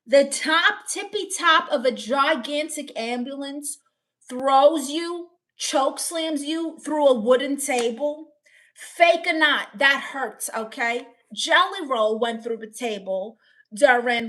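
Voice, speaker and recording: A woman's voice: high-pitched, a bit bright. A woman with a Brooklyn accent hosting a casual comedic livestream, reading chat aloud, laughing often and joking around. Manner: playful, laughs often, trying silly accents.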